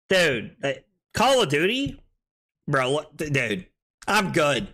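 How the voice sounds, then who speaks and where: Rowdy, animated tipsy male streamer. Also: fairly high pitch, slow. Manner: rowdy, laughing, joking and swearing. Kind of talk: casual livestream chat over a card game. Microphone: streaming microphone.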